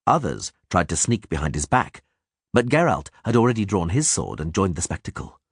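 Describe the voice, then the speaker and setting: Husky guy reading an audiobook, pitch swings a ton, dry close sound. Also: moderate pace, no echo. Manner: lively dramatic reading. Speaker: audiobook reader. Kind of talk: audiobook narration.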